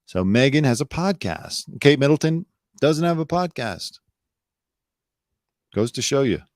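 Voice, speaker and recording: A man's voice: medium pitch, big pitch swings, measured pace, a little mellow, no room sound, studio quality. A man hosting his own live show, giving blunt, sarcastic commentary with casual swearing. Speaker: host.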